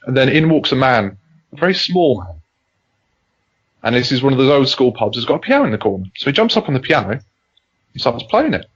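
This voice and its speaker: A man's voice: medium pitch, highs cut off. A man co-hosting a casual podcast, telling a long joke with many restarts and self-deprecating asides. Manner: self-deprecating, backtracking storyteller. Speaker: podcast co-host.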